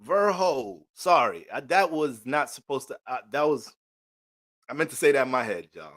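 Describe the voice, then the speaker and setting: A young man giving a casual, profane, joking astrology reading in animated rants. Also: mid-range voice, normal speed. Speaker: astrology reader.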